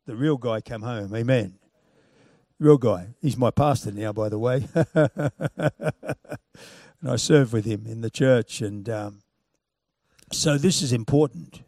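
A man preaching a sermon, moving from loud, punchy calls to quiet, chuckling storytelling. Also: mid-range voice, slow, no room sound, clean studio sound.

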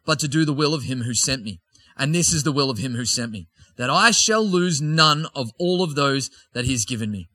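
Jesus speaks with authority to a listening crowd, as a male preacher reads his words aloud. The voice sits a little high and rings bright and forceful. His lines come raised and emphatic, in a dry, close sound. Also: no room sound.

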